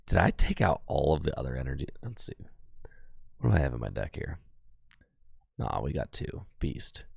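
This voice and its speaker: A hoarse man with a very low, gravelly voice talks his card game stream through in a chatty, think-aloud way. His pitch still swings widely, and the sound is close and dry. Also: sing-song, normal speed, a little mellow, dry recording. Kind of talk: casual live-stream commentary.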